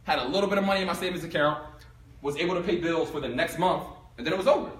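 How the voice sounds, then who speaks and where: Animated young man, echoey room. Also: on the high side, very fast. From Philadelphia. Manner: animated, acts out both sides of the story. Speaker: speaker giving a talk on income. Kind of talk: storytelling talk to a live audience. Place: room with an audience.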